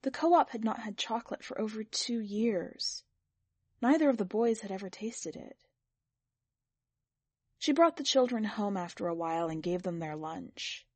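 A woman's voice: medium pitch, expressive, measured pace, a little mellow, husky, dry recording. Woman reading a story, dry and close. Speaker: podcast editor and story reader. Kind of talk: scripted narration.

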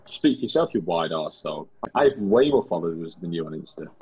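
Deep, husky deadpan British man. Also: fairly quick, dull audio. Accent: British English. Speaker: podcast co-host. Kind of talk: scripted comic pub banter.

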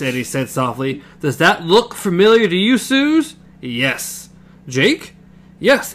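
Lively man chatting and reading aloud. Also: a little high. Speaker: book club co-host reading aloud. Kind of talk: casual book discussion with read-aloud passages.

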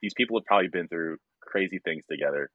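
A man's voice: deep voice, fast, dry recording, narrow, tinny audio. A man appearing as a comedian guest on a podcast, chatting animatedly, laughing, and acting out other people's lines. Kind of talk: casual comedic chat.

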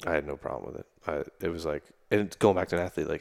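Deep-voiced man telling war stories. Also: quick pace, vocal fry, darkish tone. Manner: loose and rambling, many fillers and restarts. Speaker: podcast guest, army veteran. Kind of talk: casual conversational storytelling.

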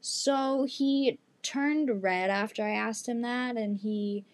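Young woman podcast host, a dramatic storyteller with a slightly high voice, on a dry close mic. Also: takes it slowly, dry recording. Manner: animated, dramatic storyteller who addresses listeners.

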